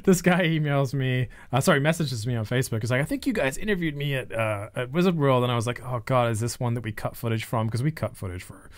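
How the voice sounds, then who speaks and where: A man's voice: mid-range voice, fast talker, hardly any pauses, dry recording. Chatty laid-back male podcast co-host. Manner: laughs often, rambling with many fillers. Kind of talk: casual chat.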